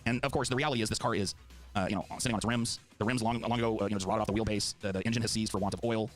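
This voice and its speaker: Fiery, fast-talking middle-aged man. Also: lowish voice, steady tone, soft background music. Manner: fiery, profane, heartfelt. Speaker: political debater. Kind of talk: impassioned debate.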